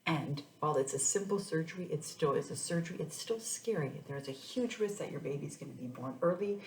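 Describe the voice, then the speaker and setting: In a casual personal vlog, a mother in her thirties rambles through her own story, restarting often. Her voice is low, and the echoey room carries slight background noise.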